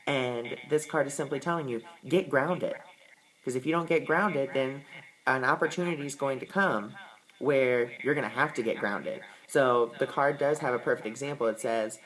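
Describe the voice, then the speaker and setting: Speaking to camera in a low-quality recording, this tarot and oracle card reader walks through the cards casually, earnestly and reassuringly, frequently repeating words to stress a point. The pitch is medium, the pace moderate and the tone fairly bright.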